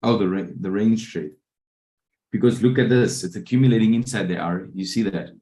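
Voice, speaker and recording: Trading coach checking in with listeners. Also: male voice, lowish voice, brisk, warm tone. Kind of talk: live trading room teaching. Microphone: video call.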